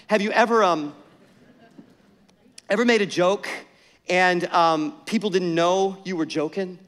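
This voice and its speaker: A man preaching a sermon with passion, moving between strong declarations and hushed, soft passages. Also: high voice, unhurried, long pauses, big-room sound. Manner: impassioned, swings to soft and hushed. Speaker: pastor.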